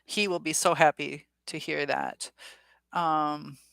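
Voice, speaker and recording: Female live-stream host, lowish bright voice, dry close mic, casual and chatty with viewers. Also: fairly even intonation, takes it slowly, gravelly, no echo. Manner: chatty, reads viewer comments aloud with filler ums.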